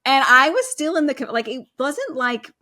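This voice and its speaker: A woman's voice: high voice, sing-song, moderate pace, sharp tone, dry recording. A woman in her thirties, a podcast guest, telling her personal story in a casual, chatty way full of "like" and "you know".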